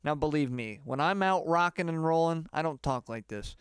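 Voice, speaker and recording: A man delivers a deadpan mock singing lesson, wandering off track and stumbling over filler words. His voice sits a little high and sounds smooth. The recording is dry and close. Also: dry recording. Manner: rambling, halting, full of fillers. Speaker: comedy mock singing teacher.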